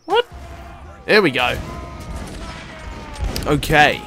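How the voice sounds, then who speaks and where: A young man giving excitable, rambling let's-play commentary as he plays, swearing casually. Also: a little high, drawn-out words, vocal fry, slight background noise. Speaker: gaming video host.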